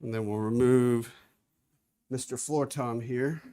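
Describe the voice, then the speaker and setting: Male streamer, mid-pitched, easygoing running commentary while he works, drifts around the room. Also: fairly even intonation, slow pace, mellow. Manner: chatty, narrating his own hands-on tasks, moving around the room. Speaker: livestream host. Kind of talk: casual live-stream chat while working. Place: indoor room with carpeted floor.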